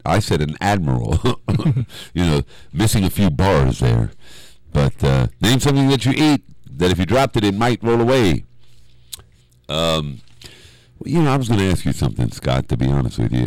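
A man hosting a radio show, chatting and telling stories in a teasing, animated way and slipping into funny voices. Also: rumbling low, dry recording, low-quality recording. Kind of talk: casual studio chat and storytelling. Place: radio studio.

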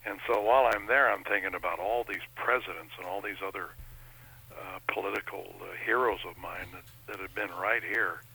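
Folksy guy telling stories in an interview, lowish voice, bright. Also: fairly even intonation, moderate pace, gravelly, slightly rough, poor audio. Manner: chatty anecdotal storyteller, folksy. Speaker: impressionist guest. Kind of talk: interview chat.

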